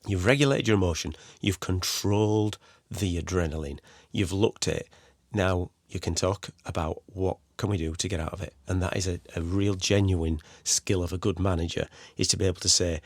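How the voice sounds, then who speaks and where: Gravelly man hosting a podcast. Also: deep voice, fairly quick, no room sound, studio quality. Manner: conversational, rambling with restarts and "you know". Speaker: podcast host. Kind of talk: solo podcast advice talk.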